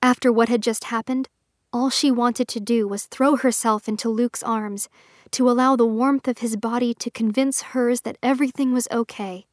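A woman narrating a young adult novel in a steady, expressive audiobook reading. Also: fairly high pitch, moderate pace, no room sound, clean studio sound.

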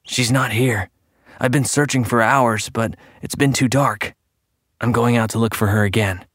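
A man voicing a worried young man in an audiobook reading, speaking softly and anxiously. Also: medium pitch, fairly even intonation, normal speed, dry recording, clean studio sound, lightly acted. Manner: soft, anxious. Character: worried young man searching for his sister.

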